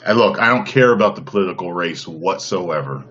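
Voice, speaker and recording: A man's voice: low voice, animated, brisk, a bit bright. A man hosting a casual livestream, answering chat comments bluntly, swearing and laughing often. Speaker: livestream host. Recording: dull lo-fi livestream audio.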